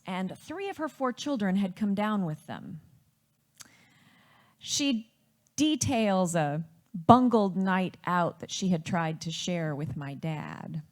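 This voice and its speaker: A woman from Wisconsin telling a personal family story in a reflective, unhurried way. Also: medium pitch.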